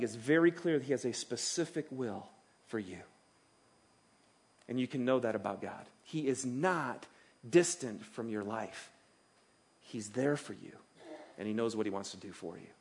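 A middle-aged man preaching a sermon as pastor, animated and acting out quoted voices as he speaks. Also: mid-range voice, moderate pace, long pauses, husky. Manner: animated, acts out quoted voices of God and listeners.

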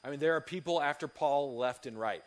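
A man, a youth pastor, giving a sermon full of lively, funny personal stories. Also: a little high, brisk. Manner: lively storytelling, animated and humorous.

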